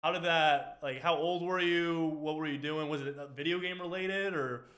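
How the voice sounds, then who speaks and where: Bright-voiced young man, chatty host. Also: a little high, fairly even intonation, normal speed. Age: 20s. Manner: chatty, peppers speech with "like" and "dude". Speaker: podcast host. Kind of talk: casual chat.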